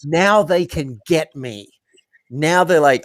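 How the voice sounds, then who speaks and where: A man's voice: fairly high pitch, animated, slow, a bit bright, dry recording. A man being interviewed as a coach, talking reflectively and acting out little quoted exchanges as he tells stories. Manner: reflective, storytelling with acted-out quotes. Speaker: guest, coach. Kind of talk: conversational interview.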